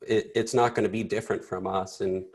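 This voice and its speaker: A man's voice: lowish voice, fairly even intonation, fairly quick. A man who is a financial advisor, chatting in an easygoing way and retelling stories in a casual discussion. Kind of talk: casual office-hours chat.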